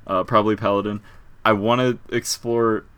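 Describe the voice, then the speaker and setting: A man's voice: lowish voice, level tone, moderate pace, fairly bright tone, clean tone. A man co-hosting a podcast, chatting casually about tabletop game characters, rambling with lots of fillers and laughs. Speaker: podcast co-host.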